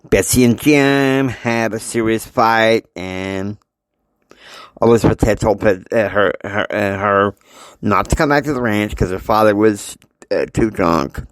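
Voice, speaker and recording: A man casually retelling a family drama story in a rambling, halting way with many fillers. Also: on the low side, dry recording.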